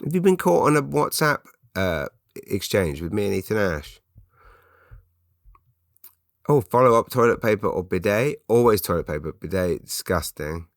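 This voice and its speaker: An English podcast host with a fairly low voice and big pitch swings chats at normal speed in stop-start bursts. He reads out listener comments and answers their questions on a casual show, recorded dry with studio quality.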